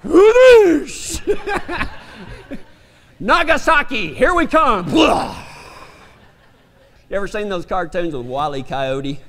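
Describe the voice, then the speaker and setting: A man preaching a sermon, telling a funny story in a folksy, animated country way. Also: high-pitched, takes it slowly, long pauses. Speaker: pastor. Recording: reverberant hall.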